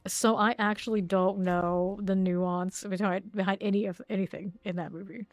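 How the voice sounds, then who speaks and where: A woman's voice: medium pitch, steady tone, moderate pace, dry recording. Chatty woman streaming a game. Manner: chatty, rambling, laughs often. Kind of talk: casual live-stream gaming chat.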